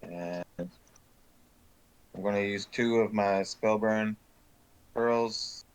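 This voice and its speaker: Brief: unhurried low male player, lays out his moves one by one. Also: fairly even intonation, smooth. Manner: deliberate, describes his actions step by step. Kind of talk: tabletop game play.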